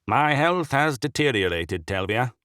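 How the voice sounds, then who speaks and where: A man voicing a massive, sickly old bishop who speaks in a loud, raspy, growling voice, slow and heavy with weariness. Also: mid-range voice, expressive, dry recording, studio quality, pitched above the performer's own voice. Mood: grave, weary.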